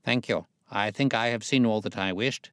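A man voicing a sharp, cool-headed male detective in an audiobook, curt and calm. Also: fairly low pitch, normal speed, smooth, no room sound, clean studio sound, natural voice. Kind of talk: audiobook reading.

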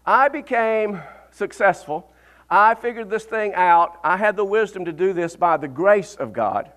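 Male pastor, high voice, animated sermon delivery, laughs mid-line. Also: unhurried. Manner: animated preaching, rising to fervent peaks and dropping to quiet asides; laughs often mid-sentence.

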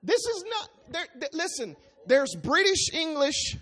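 Slow, animated, husky preacher. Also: very high voice. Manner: reads scripture aloud then explains it line by line, emphatic. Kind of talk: expository Bible-teaching sermon.

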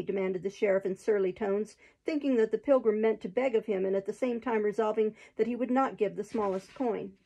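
A woman reading a chapter book aloud in a steady, expressive narrating voice. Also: mid-range voice, a little fast, creaky, few pauses, slightly rough, highs cut off. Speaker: storybook reader.

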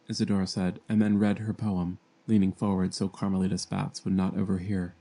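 A man reads a children's novel aloud in a gentle, plain storytelling manner. His voice sits low and mellow, and he raises it for the young characters' lines. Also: steady tone, a little fast. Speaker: amateur audiobook reader. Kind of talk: fan audiobook reading.

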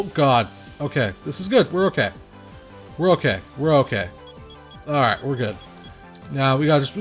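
A man giving casual commentary over a video game he is playing, rambling and hesitant with many fillers, and breaking into nervous exclamations when the action gets hectic. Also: a little high. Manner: nervous exclamations under pressure. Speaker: game reviewer.

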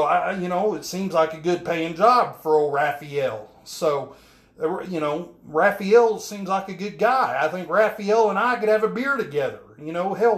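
A man, rambling folksy jokes in a home-repair vlog, soaked and frustrated. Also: high-pitched. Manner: folksy, rambling, keeps asking "all right?". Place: small bathroom. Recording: echoey bathroom.

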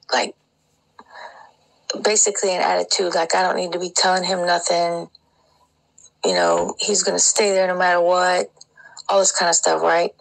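A woman with a low, gravelly voice tells her dreams in a loose, rambling way. She keeps restarting and wandering into asides as she goes. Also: poor audio. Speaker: Christian dream sharer. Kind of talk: casual storytelling of dreams.

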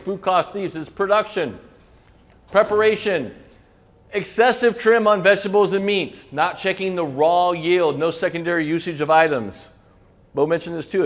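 Man, middle-aged, slightly high voice, casual storyteller, acts out voices, swears. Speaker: restaurant consultant. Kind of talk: casual talk to an audience.

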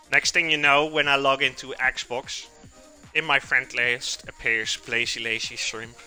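A man's voice: medium pitch, flat delivery, slow, pauses often, sharp tone, soft background music. A man hosting a live cooking stream, chatting casually with viewers and answering chat while he cooks in a home kitchen.

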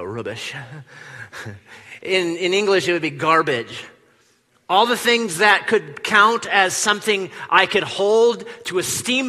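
A pastor delivers an animated sermon, his voice bright and a touch higher than most men's. He acts out quoted lines, swinging from loud declarations to hushed tones. The sound carries a long reverb, as if recorded in a large sanctuary. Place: church sanctuary.

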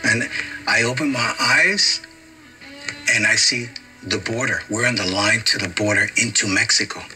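A man's voice: fairly low pitch, moderate pace, rough recording. A middle-aged man recounting an anecdote in a documentary interview, acting out the lines he quotes. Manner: lively storyteller acting out quotes. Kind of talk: anecdote told to camera. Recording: music playing underneath.

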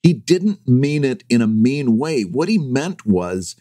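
A man in his fifties co-hosting a podcast, telling an old story with self-mocking humor and lively retelling of past conversations. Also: mid-range voice, slow pace, no echo. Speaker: podcast co-host. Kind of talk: casual chat, storytelling.

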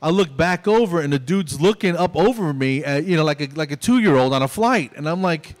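A man's voice: on the high side, expressive, brisk, hardly any pauses. A man in his fifties doing a stand-up comedy routine on a small club stage, telling stories and acting out both sides of each exchange.

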